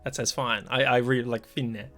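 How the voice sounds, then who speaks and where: Fast, bright man chiming in. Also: medium pitch. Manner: quick interjections, chiming in. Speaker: podcast co-host. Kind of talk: casual film review chat.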